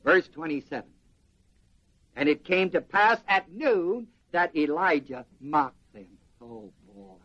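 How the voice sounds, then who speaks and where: A man preaching a sermon in an animated way, quizzing the congregation with questions. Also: a little high, slow. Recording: dull lo-fi sermon recording.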